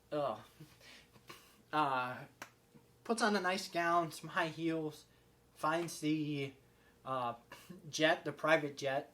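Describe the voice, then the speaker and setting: A man talks through a film in a casual vlog review, his voice sitting a little high. He rambles excitedly, stumbling through fillers and restarts as he goes. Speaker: movie reviewer. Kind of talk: casual spoken movie review.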